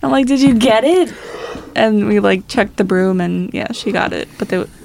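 A woman's voice: mid-range voice, fairly quick, creaky, a little mellow, slight background noise. A young woman co-hosting a podcast, telling a story in casual chat. She rambles, swears a lot and laughs between phrases. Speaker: podcast co-host.

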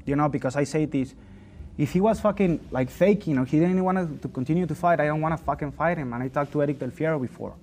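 A man's voice: a little high, quick pace. A young man from Mexico with a Mexican Spanish accent, talking casually and profanely in an interview, acting out quotes. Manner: profane, animated, acts out quotes. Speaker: fighter. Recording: faint background noise.

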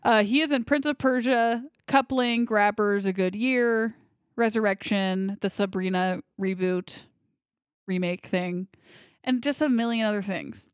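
A woman co-hosting a podcast chats casually about movies in a review-style conversation, rambling and laughing easily. Her mid-range voice is smooth and unhurried, recorded with no room sound.

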